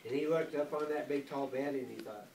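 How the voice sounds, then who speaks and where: An older grandfather, visiting as a guest reader, reads a picture book to a school class in a playful, animated way and keeps pausing to quiz the kids. His slightly high, fairly quick voice is picked up from across an echoey classroom full of children, with slight background noise.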